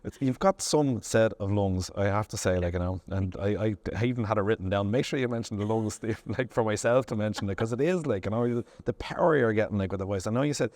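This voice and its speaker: A man's voice: fairly low pitch, quick pace, hardly any pauses, darkish tone, dry recording. A man with an Irish accent hosting an interview, asking rambling questions filled with "like, you know". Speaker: host. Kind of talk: casual interview chat.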